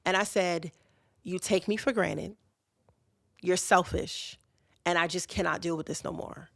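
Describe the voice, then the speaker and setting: A woman's voice: lowish voice, vocal fry, fairly bright tone, no room sound, clean studio sound. A woman, hosting a podcast and telling a personal story in a candid, conversational way, acting out both sides of past conversations. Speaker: podcast host.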